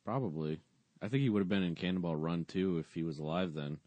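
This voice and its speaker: Deep-voiced podcast guy, dark tone, snarky, recapping a tv show. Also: fast, no room sound. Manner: dry, sarcastic, mocking. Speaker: podcast co-host. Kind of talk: casual chat recapping a sitcom episode.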